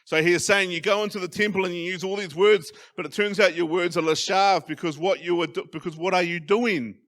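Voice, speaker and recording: A man's voice: high voice, steady tone, a little fast. Emphatic New Zealand man preaching. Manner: emphatic, swinging from loud stresses to quiet asides. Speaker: pastor. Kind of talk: sermon. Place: church hall.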